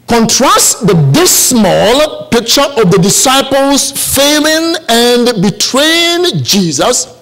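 A man's voice: very high-pitched, a bit bright. A male preacher with an African accent giving a sermon in a church service, repeating phrases for emphasis and checking in with the congregation.

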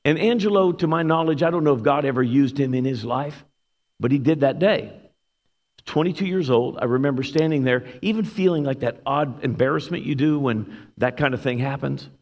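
Gravelly preacher man in echoing hall. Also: medium pitch, a little fast. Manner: animated storyteller, shouts when acting out quotes. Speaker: guest preacher. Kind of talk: sermon with storytelling. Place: church sanctuary. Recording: long hall reverb.

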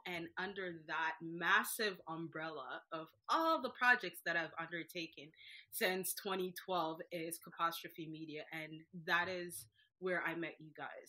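Bright-voiced woman from Jamaica. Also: fairly low pitch. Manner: lively, laughs often while talking. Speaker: guest business owner. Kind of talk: casual interview.

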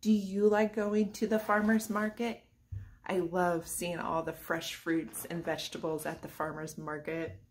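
A woman from a church reading a rhyming picture book aloud to children in a gentle sing-song voice, going soft near the end. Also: fairly low pitch, level tone, unhurried.

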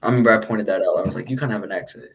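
A man with a light Texan accent hosts a casual chat in a slightly low voice. He talks in a relaxed, slangy way and swears freely. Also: rapid-fire, slight background noise, low-quality recording. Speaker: podcast host.

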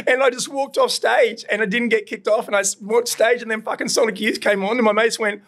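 Podcast guest: middle-aged Australian man, high-pitched and gravelly, loose and animated, swears freely. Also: quick pace, hardly any pauses. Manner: animated, swearing, laughs often, acts out voices in anecdotes. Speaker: podcast guest, burger restaurant owner. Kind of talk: casual storytelling chat. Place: his burger restaurant.

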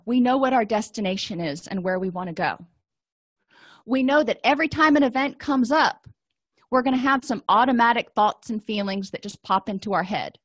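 A middle-aged woman counselor giving a calm, explanatory lecture and walking listeners through exercises. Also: on the high side, no room sound, studio quality. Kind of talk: recorded lecture.

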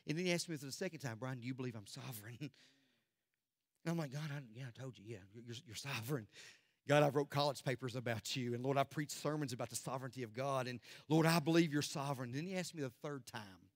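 A man preaching a sermon as pastor, swinging from loud declarations to hushed near-whispers. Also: mid-range voice, quick pace, no echo, studio quality. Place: church sanctuary.

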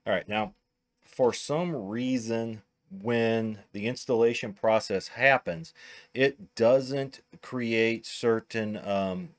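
A man with a Midwestern American accent and a mid-range voice narrates a screen-recorded computer tutorial, talking casually through each step as he goes. He's a tech tutorial host who takes his time.

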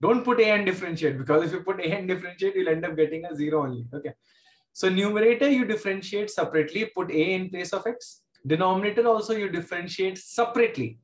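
Casting: Indian English male math teacher, high voice, patient step-by-step delivery. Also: fast, echoey room. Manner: explains step by step, repeats key points. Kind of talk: classroom lecture.

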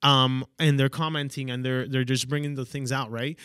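A man's voice: medium pitch, flat delivery, moderate pace, a bit bright, clean tone, no room sound, clean studio sound. A man hosting a podcast and giving a motivational monologue, stressing key words and checking in with "okay?" and "right?". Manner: emphatic, repeats "okay?" and "right?" for emphasis. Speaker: podcast host.

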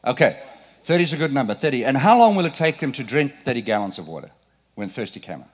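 A middle-aged man preaching a sermon in a church, playful and animated, quizzing the congregation. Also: medium pitch, quick pace. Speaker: pastor. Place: church sanctuary.

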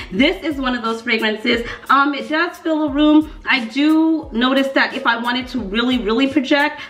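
A woman talking casually to her viewers, animated and playful, leaning on emphatic repeats. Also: on the high side. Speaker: fragrance reviewer. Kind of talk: casual vlog review. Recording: echoey room.

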